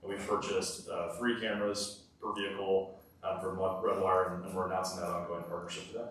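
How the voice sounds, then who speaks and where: Male exec panelist, very low voice, earnest, echoey hall mic far off. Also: flat delivery, a little fast, a bit bright, a little hiss or hum. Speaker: company executive panelist. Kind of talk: panel discussion. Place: large university hall.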